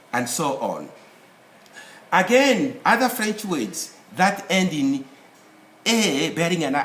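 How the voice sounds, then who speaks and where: Lively man teaching in an echoey room. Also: on the high side. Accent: African English. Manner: lively, repeats words to drill pronunciation. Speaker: English language teacher. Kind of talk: recorded spelling and pronunciation lesson. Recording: echoey room, faint background noise.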